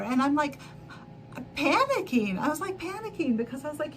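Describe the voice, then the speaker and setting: A middle-aged woman hosts a sewing livestream, chatting casually while she sews in a high, expressive voice at a quick pace. She tells a long, rambling story full of laughs and self-corrections, and the recording quality is low.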